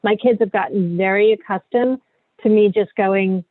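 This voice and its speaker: A woman's voice: mid-range voice, moderate pace, dry recording. A middle-aged woman coaching parents, candid and conversational, often checking in with "right?" at the end of a point. Her voice comes through a tinny, phone-like line. The sound is dry and close. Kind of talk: online parenting workshop.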